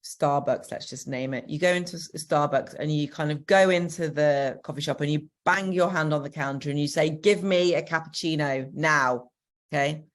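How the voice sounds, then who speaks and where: A woman's voice: low voice, fairly even intonation, a little fast, hardly any pauses. A woman with a Northern English accent, a co-parenting coach giving practical, encouraging advice in a Q&A, with frequent ums. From Northern England. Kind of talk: answering a question in a Q&A.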